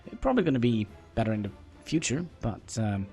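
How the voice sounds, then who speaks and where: Halting Norwegian-accented man streaming a game. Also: medium pitch, big pitch swings, mellow, muffled recording. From Norway. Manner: halting, chatty, self-deprecating, talks to chat. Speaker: livestreamer. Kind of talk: casual gameplay livestream commentary. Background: faint background music.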